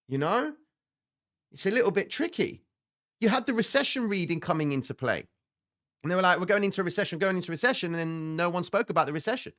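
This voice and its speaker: Greek guy doing a live markets stream, gets all fired up and loud about it, fast and a bit rambly. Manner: animated, excitable, rises high when exasperated. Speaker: livestream market analyst host. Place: indoor studio under bright lights.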